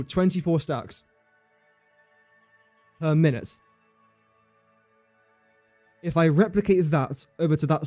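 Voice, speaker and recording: A man streaming live gameplay commentary, his voice a touch high yet mellow and warm. He thinks aloud in a chatty, conversational way, talking to the game and to his viewers. The sound is dry and close, with faint game music underneath. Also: no echo.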